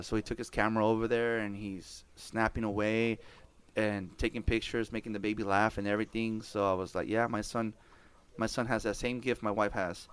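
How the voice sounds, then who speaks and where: A man, telling family stories on his podcast in a casual, animated way, swearing and laughing often. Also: fairly low pitch, clean tone. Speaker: podcast host. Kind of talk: casual storytelling chat.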